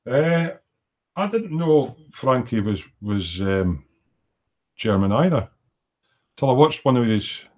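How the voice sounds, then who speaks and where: A man's voice: mid-range voice, very animated, takes it slowly, pauses often, darkish tone. A middle-aged man chatting casually and rambling as he hosts a livestream from his home workshop, reading out viewer comments as he works. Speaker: livestream host. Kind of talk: casual chat while working.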